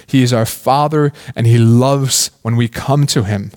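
A man's voice: medium pitch, a little slow, a little mellow. A man preaching a sermon in a casual, conversational way, asking many questions and often saying "like". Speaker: pastor.

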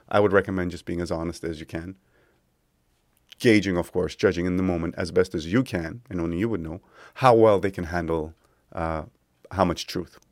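A man in his thirties talks through his podcast in a reflective, conversational way, adding small asides as he goes. His voice sits very low, and the sound is dry and close. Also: no room sound. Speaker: podcast host. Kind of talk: solo podcast monologue.

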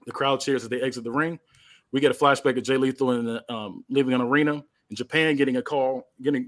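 A male podcast host casually narrating a made-up wrestling storyline, with fillers. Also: mid-range voice.

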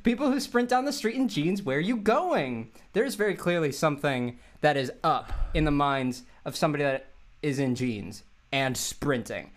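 A man's voice: fairly high pitch, lively intonation, moderate pace. A young man co-hosting a casual comedy podcast, rambling through playful bits and puns. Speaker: podcast co-host.

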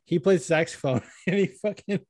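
A man's voice: sits high, moderate pace, darkish tone, no room sound, clean studio sound. A man co-hosting a casual podcast chat, swearing freely and laughing often. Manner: profane, laughing, breaks into sung bits. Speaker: podcast co-host. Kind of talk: casual chat about fights.

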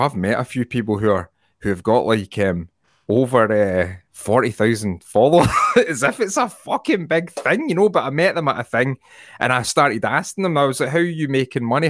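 A man's voice: mid-range voice, brisk, no room sound. Scottish man, casual video call chat, swears a lot, laughs, dry close sound. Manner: rambling, swears freely, laughs often.

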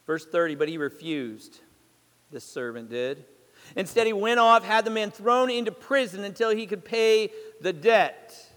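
A man's voice: on the high side, animated, unhurried, in a large hall. A man preaching a sermon as a pastor, retelling a parable as a story and putting questions to the congregation.

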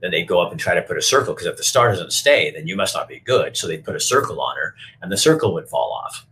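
A man's voice: low-pitched, sing-song, fast, fairly bright tone. A man telling a story and then speaking out in an emphatic, emotional and profane way. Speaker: speaker who reads stories to schoolkids. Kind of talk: storytelling and personal rant.

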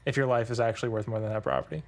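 A young man co-hosting a podcast, arguing his views in casual chat and laughing often. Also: lowish voice. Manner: argumentative, laughs often, quick opinions. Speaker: podcast co-host.

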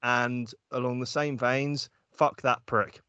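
A bright, forceful-toned man rants bluntly in a casual podcast chat. The audio is dry and dull. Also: medium pitch, steady tone, takes it slowly, clear, resonant tone, no room sound. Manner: blunt ranting. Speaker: podcast co-host.

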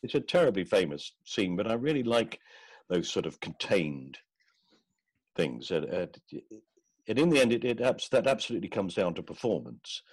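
Low, husky man telling stories. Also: sing-song, normal speed, dry recording. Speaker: podcast guest, actor. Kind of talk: casual anecdotal chat.

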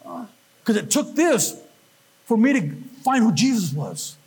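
A man preaching with a husky, high-pitched voice. He keeps the sermon lively and swings his pitch all over, acting out little voices and quotes as he goes. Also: unhurried. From Northern California. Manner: animated, acts out voices and quotes. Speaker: pastor.

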